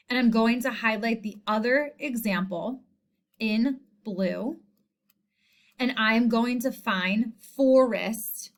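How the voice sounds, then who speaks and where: A woman teacher walks through a spelling lesson, saying each word, using it in a sentence and then saying it again. She talks at an unhurried pace in a fairly high voice. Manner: slow, deliberate, repeats each word. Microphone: screen recording voice-over.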